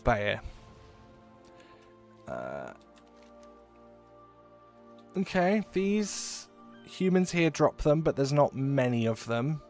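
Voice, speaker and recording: Chatty streamer guy, lively pitch. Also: extremely slow, pauses often, soft background music. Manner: rambling, swears freely, chatty asides to viewers. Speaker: game streamer. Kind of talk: casual live-stream chat.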